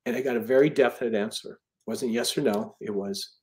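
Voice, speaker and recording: A man's voice: on the low side, quick pace, few pauses, darkish tone. A middle-aged man, an author being interviewed, telling a personal story earnestly, with frequent restarts and quoted dialogue.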